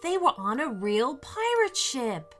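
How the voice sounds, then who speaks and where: Woman storyteller, bright lively tone, unhurried, soft music under. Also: sits high. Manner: expressive, animated reading. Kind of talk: children's story narration.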